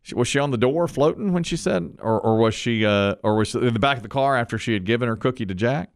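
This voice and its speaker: A man's voice: mid-range voice, quick pace, no echo, studio quality. A man co-hosting a casual banter show, arguing his point earnestly with frequent stammers.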